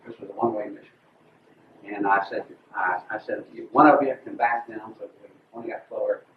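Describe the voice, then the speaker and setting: An older retired officer tells a blunt, dry war story to a squadron. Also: male voice, fairly low pitch, fairly even intonation, fairly quick. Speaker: retired Air Force colonel recounting a mission. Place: large room with an audience. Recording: distant, roomy, phone-like with faint noise.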